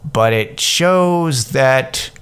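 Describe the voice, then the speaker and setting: A man in his thirties hosts a podcast, telling a personal story in a candid, rambling, profane way and growing animated when he quotes others. His medium-pitched voice is smooth and extremely slow. It's a casual storytelling monologue.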